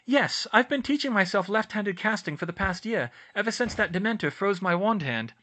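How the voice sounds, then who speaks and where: A man's voice: sits high, expressive, brisk, bright, forceful tone, pitched above the performer's own voice, heavily acted. A man voicing a nervous, earnest teenage girl in an audiobook reading. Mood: eager.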